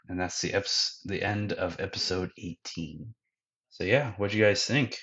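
A man's voice: sits low, fairly even intonation, normal speed, a bit bright. A man hosting a podcast, retelling an anime's episodes in casual, rambling chat full of fillers. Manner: rambling, filler-heavy storytelling. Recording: dull lo-fi podcast audio.

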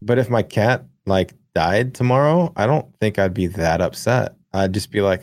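A man's voice: fairly low pitch, moderate pace, hardly any pauses, a little mellow, no room sound. A young man co-hosting a podcast, telling blunt, profane, rambling stories in casual chat. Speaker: podcast co-host.

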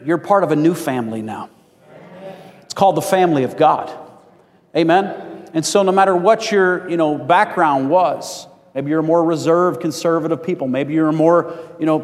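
A man's voice: on the high side, darkish tone, long reverb tail. A male pastor preaching a sermon in a folksy way, asking for amens from the congregation.

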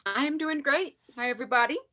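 A woman with a Boston accent, a guest on a radio talk show, telling a lively story in a casual way. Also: sits high, fairly quick. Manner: animated anecdote telling. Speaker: guest caller, superfan.

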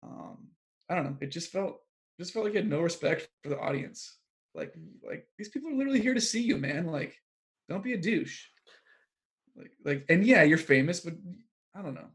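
A man co-hosting a podcast, chatting casually as he tells a story, animated and full of fillers and exclamations. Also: a little high, normal speed. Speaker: podcast co-host. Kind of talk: casual chat.

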